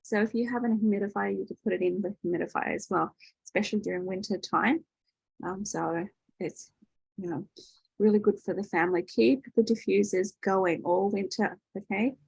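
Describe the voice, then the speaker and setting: A woman's voice: mid-range voice, steady tone, moderate pace, vocal fry, slightly rough, dry recording, poor audio. A woman leading an online workshop over a video call, teaching in a casual, chatty way with lots of fillers and tag questions. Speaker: workshop host.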